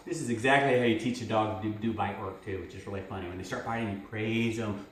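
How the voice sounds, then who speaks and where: Guy teaching dog training, chatty and loose, yelps good girl in a high voice, booming echoey room, mic off at a distance. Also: fast, few pauses. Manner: loose and rambling, breaks into high excited praise for the dog. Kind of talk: casual hands-on instruction.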